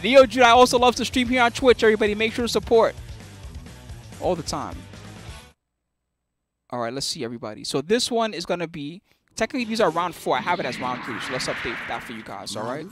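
A man's voice: sits high, animated, fast. A man hosting a live fighting-game tournament stream, commentating the matches with slangy banter toward chat and frequent laughter. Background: game music.

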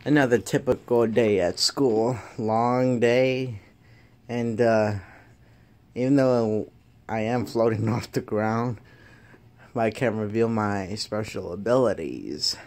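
A man's voice: on the low side, takes it slowly, a little mellow. A man vlogging casually from home, laid-back and often laughing. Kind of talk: casual vlog chat.

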